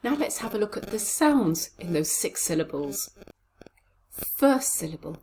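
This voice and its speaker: A woman coaching pronunciation, breaking words into syllables and sounds and saying them slowly and deliberately. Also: lowish voice, sing-song, darkish tone, slight background noise. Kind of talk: pronunciation lesson.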